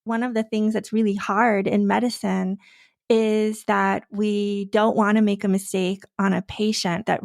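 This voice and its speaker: Woman host with a gravelly edge. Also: mid-range voice, no echo, studio quality. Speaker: podcast host. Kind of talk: interview conversation.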